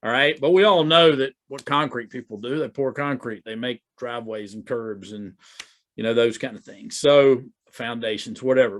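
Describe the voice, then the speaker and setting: A man's voice: medium pitch, a bit bright. A man talking as a business coach in a casual, conversational way, often repeating and restarting his words. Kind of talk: casual talk to camera. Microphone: video recording to camera.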